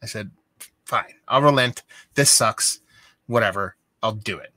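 A young adult man talks straight to camera in a casual vlog, rambling and exasperated as he tells his story. His voice is bright and forceful, and the sound is dry and close, with no room echo. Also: fairly low pitch, unhurried. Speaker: beer vlogger.

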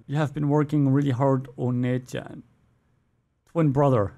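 A man hosting a meme reaction video, excitable, often laughing and shouting. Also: mid-range voice, unhurried, muffled recording, soft background music. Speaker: YouTuber host.

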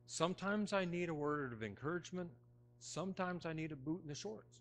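A middle-aged man preaching a sermon as pastor, talking conversationally with folksy, self-deprecating humor, moving between loud emphasis and hushed asides. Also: fairly high pitch, fairly quick. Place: church sanctuary.

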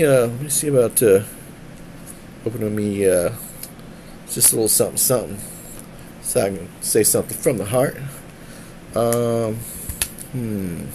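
A man's voice: on the low side, mellow, a little hiss or hum, rough recording. Rambling jokey man streaming. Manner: jokey, rambling, slips into silly voices. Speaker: musician and streamer. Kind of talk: rambling casual stream talk. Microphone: tablet mic.

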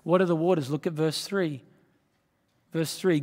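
A man preaching a sermon, emphatic, building to loud declarations. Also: a little high, steady tone, normal speed, pauses often. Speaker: pastor. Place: church hall. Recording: church hall with long reverb.

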